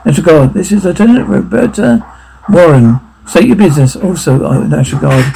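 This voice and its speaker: A man performing a one-man audio drama, voicing every role and switching between clipped military voices and plain talk, with a gravelly voice. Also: on the high side, mellow, slight background noise, low-quality recording.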